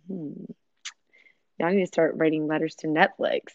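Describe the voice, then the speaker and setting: A woman's voice: deep voice, fairly even intonation, moderate pace, vocal fry, pauses often, dry recording, highs cut off. A woman casually chatting with viewers on a livestream from her kitchen, giggly and answering their comments. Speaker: livestream host. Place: home kitchen.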